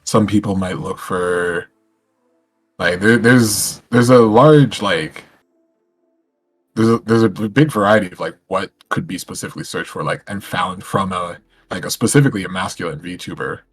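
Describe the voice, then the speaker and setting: A man talking as a podcast guest in casual chat, hesitant and relaxed, with a soothing voice. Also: low-pitched, moderate pace, breathy edge, faint music behind. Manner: hesitant, full of fillers and restarts.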